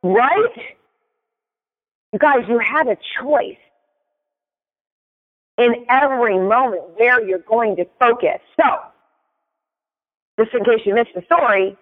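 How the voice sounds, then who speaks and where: A man giving a motivational talk, telling a story with emphatic delivery and often asking "right?". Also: extremely high pitch. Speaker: motivational speaker. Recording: tinny phone-like sound with long reverb.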